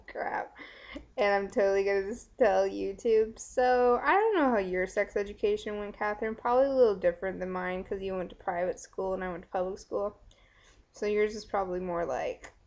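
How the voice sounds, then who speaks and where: In a video letter to a friend, a young adult woman vlogger chats frankly and casually, giggling and peppering her speech with "like." Her voice is mid-range with a darkish tone, captured in dull lo-fi webcam audio.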